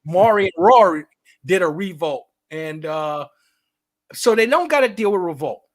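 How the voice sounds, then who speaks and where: Brooklyn guy cohosting, swears a lot, high voice that jumps all over. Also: expressive, moderate pace. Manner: profane, loud outbursts, drawling emphasis. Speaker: podcast co-host. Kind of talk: casual chat.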